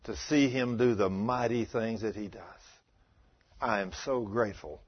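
A husky man preaching to his congregation, his voice rising and dropping as he tells the story. He questions the listeners directly and acts out the quotes. The recording is dull and lo-fi. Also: lowish voice, normal speed. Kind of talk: sermon. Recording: dull lo-fi sound.

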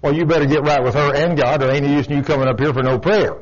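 Folksy preacher, slightly high voice. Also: male voice, fairly even intonation, quick pace. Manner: folksy, emphatic, storytelling. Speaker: pastor. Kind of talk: sermon. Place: church. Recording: dull lo-fi church recording.

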